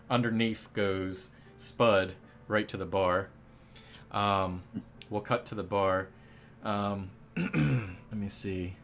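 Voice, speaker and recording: A man's voice: fairly low pitch, fairly bright tone, a little hiss or hum. A man narrating a tabletop game as game master, rambling and hesitant with many fillers.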